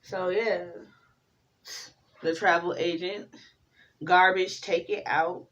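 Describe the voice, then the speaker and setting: A woman giving a casual tarot reading, talking, swearing freely and drifting into animated stories. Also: fairly low pitch, slow, recorded from a distance, dull audio. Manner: profane, rambling, animated storytelling. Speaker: tarot reader.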